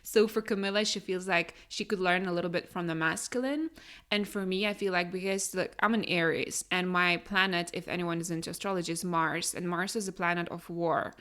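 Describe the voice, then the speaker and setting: Animated woman. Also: lowish voice, brisk. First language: Lithuanian. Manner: animated, emphatic, with frequent fillers. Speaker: podcast co-host. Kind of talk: casual conversational podcast chat.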